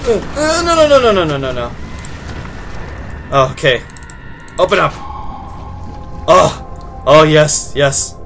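A man commentates a horror game in a high voice that leaps up and down wildly. He panics and blurts the same word over and over in quick bursts. Game music plays clearly behind him. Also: a bit bright. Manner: panicky, repeats words in rapid bursts. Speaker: gameplay commentator.

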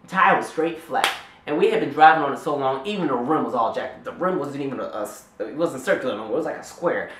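A man in his twenties telling a rambling, animated story in a storytime vlog, with lots of "like"s. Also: mid-range voice, fast talker, roomy sound. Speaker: vlogger.

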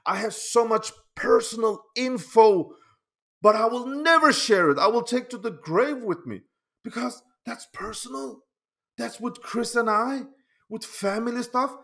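High-voiced man ranting slowly. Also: fairly bright tone. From Denmark. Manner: agitated, repeating words and restarting sentences; swears often. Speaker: pinball YouTuber. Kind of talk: casual vlog rant.

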